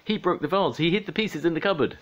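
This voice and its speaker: Bossy little girl penguin, shrill and high, as a grandfather puts her on. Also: big pitch swings, normal speed, muffled recording. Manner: shrill, telling-tale child voice.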